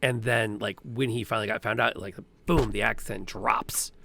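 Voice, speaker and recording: A man's voice: on the low side, steady tone, normal speed, gravelly, bright, forceful tone, slight background noise. A man co-hosting a casual live-streamed chat, speaking in an earnest, reflective way as he sums up advice. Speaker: podcast co-host.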